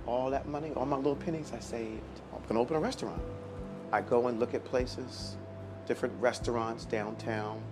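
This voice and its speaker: A man from Washington, D.C., a chef and restaurant owner, telling his life story and acting out other people's lines. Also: medium pitch. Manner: animated, acts out other people's lines in a raised voice. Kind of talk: personal storytelling. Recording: music playing underneath.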